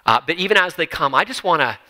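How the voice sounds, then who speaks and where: A man's voice: a little high, lively intonation, quick pace, pushed and bright, poor audio. A male pastor preaching a sermon in an earnest, emphatic way, building lists and asking rhetorical questions. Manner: repeats words and phrases for emphasis.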